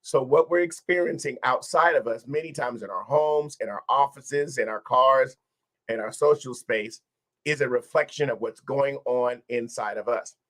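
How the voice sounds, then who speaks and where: A man's voice: mid-range voice, moderate pace, fairly bright tone. A man hosting a livestreamed wellness session, encouraging viewers and repeating key phrases. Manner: encouraging, repetitive phrasing, addresses viewers directly.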